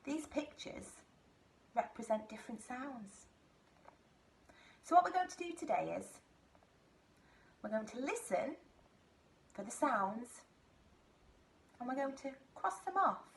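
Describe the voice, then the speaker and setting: Nursery teacher doing phonics with little kids, kinda high voice, slow and super sing-songy. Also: female voice. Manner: slow, sing-song, exaggerated talk to small children. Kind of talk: phonics lesson for young children.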